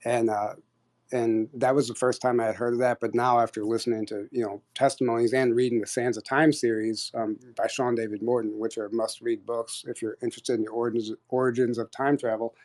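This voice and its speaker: A man telling a long personal story on an audio chat, rambling and animated, with many fillers and restarts. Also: mid-range voice, a little fast. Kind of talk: casual storytelling.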